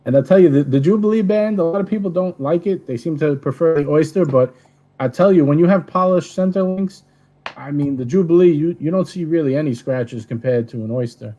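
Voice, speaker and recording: Calm man on muffled call audio. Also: a little high, brisk. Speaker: caller on a livestream. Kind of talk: casual chat.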